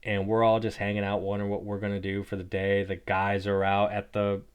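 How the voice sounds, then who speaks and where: A young man hosts his own podcast and tells a story in a relaxed, meandering way. His voice sits a little low, and he fills every pause with "like" and "you know". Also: smooth. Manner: rambling, heavy use of "like". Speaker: podcast host. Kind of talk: casual storytelling.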